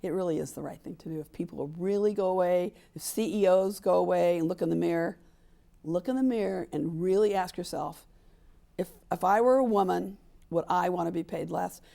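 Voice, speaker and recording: A woman in her seventies, a sports equality advocate, is a guest in a candid interview. Her voice is lowish, gravelly and warm, and she talks fairly quickly. She speaks emphatically, acts out quoted dialogue and repeats points for stress.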